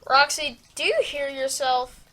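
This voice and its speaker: A woman's voice: high-pitched, a little slow, bright, forceful tone. A woman voicing a laid-back young friend who talks in a casual, offhand way.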